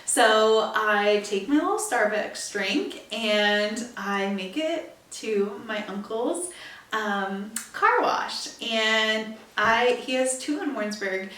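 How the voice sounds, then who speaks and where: A young woman podcast host telling a story in a chatty, animated way, with emphatic asides. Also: on the high side, takes it slowly. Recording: echoey room, distant from mic.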